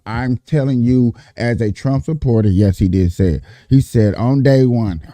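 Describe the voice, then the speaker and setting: A man's voice: mid-range voice, dark tone, dry recording. A man talking in a profane, emphatic casual monologue, repeating his points in heavy slang. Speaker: streamer and political commentator.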